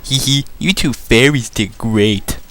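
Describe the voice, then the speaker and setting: A man's voice: mid-range voice, measured pace, a bit bright, soft background music, lightly acted. A mischievous imp sneers and taunts in a sly, giggly voice, put on by a man playing a game. He sounds creepy and pleased with himself. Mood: taunting. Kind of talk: let's play voice acting.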